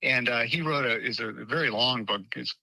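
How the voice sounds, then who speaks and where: Brief: middle-aged male guest, anecdotal and chatty, strikingly bright voice, dry close sound. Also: mid-range voice, normal speed, gravelly, dry recording, rough recording. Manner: chatty and anecdotal, frequent restarts. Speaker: guest, former White House usher. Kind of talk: conversational storytelling.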